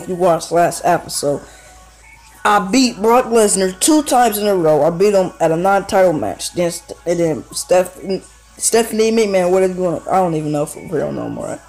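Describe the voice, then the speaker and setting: A man's voice: high voice, poor audio. A young man giving casual, slangy play-by-play commentary on his own wrestling video game match. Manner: slangy, excitable play-by-play with fillers. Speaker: gaming YouTuber.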